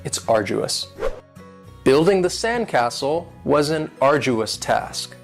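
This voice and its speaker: A man teaching English vocabulary, with a medium-pitched voice. He says each new word slowly and carefully and keeps a friendly, lightly joking tone. Faint guitar music plays underneath. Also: animated, gravelly. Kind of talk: online English lesson.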